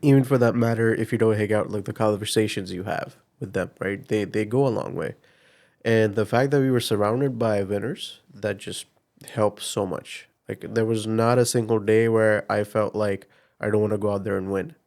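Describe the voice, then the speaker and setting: A young man from India, speaking with an Indian accent, appears as a podcast guest in a casual interview, telling his story upbeat and energetically with lots of fillers. His voice sits on the low side, at a normal speed.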